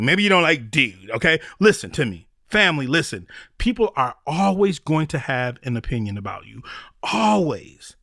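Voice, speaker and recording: A man's voice: fairly high pitch, no room sound, clean studio sound. A man hosting a motivational talk show, preaching with faith references and acting out the voices of doubters. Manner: preachy, animated, acts out voices of critics. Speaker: podcast host.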